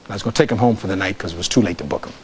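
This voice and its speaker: A man's voice: deep voice, very fast, slight background noise. A man, a defense attorney, giving a closing argument in a courtroom, reading testimony aloud and putting rhetorical questions to the jury.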